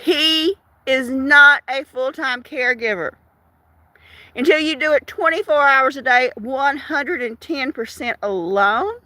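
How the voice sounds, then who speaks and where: A woman's voice: sits high, measured pace, pushed and bright, no room sound. A woman host on a livestream, ranting in an indignant, emphatic, casual way. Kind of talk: casual ranting live chat.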